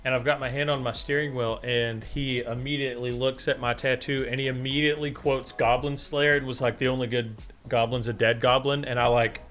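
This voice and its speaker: Man telling a lively podcast story. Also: medium pitch, a little fast, few pauses. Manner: animated storyteller, acts out quotes, swears freely. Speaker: podcast co-host. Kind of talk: casual chat, telling an anecdote.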